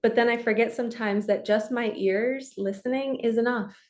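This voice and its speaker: A woman in her forties who works as a spiritual coach and reader chats casually to the camera. Her voice is on the high side with fairly even intonation and a moderate pace, and she is earnest and talkative, laughing often and slipping into quoted voices.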